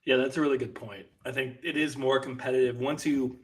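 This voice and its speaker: A man co-hosting a casual reality show recap, relaxed and analytical. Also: medium pitch, a little fast, breathy edge. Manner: relaxed, analytical, some fillers. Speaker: podcast co-host. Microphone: video call.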